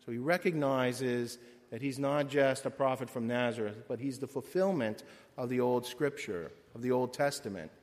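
A male priest reads scripture and preaches in a slow, solemn, measured cadence. His voice sits in a middle register. The long reverb of a church hall trails behind every phrase. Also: mid-range voice, darkish tone. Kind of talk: liturgical reading and sermon.

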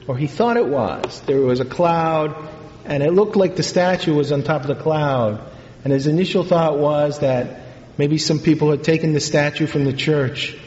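A man, a priest, telling a story in a sermon, in an unhurried, halting way with pauses and fillers. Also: mid-range voice, darkish tone, a little hiss or hum. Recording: echoey hall, dull lo-fi sound.

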